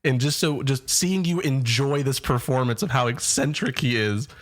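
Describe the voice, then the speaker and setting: A man's voice: mid-range voice, moderate pace. Man thinking aloud about a film. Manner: careful, repeats words while thinking. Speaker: podcast co-host. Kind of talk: casual film discussion.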